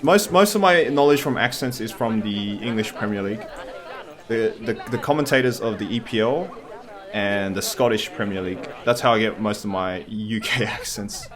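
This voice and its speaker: A man from Massachusetts, USA, gives casual, rambling let's-play commentary as a gameplay commentator, chatting to the animals on screen. His voice is on the low side and moves at a moderate pace. Crowd noise and faint game soundtrack music sit in the background.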